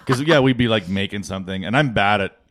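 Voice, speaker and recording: A man's voice: on the low side, fast talker, a bit bright. A man co-hosting a comedy podcast, joking, swearing and acting out other people's lines in silly voices. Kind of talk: casual chat.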